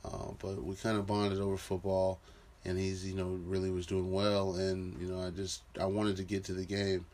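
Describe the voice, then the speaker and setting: A deep-voiced man tells a story from his own life. His talk is casual and rambling, with lots of fillers and restarts as he goes. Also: monotone, normal speed, darkish tone. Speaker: father telling a personal story.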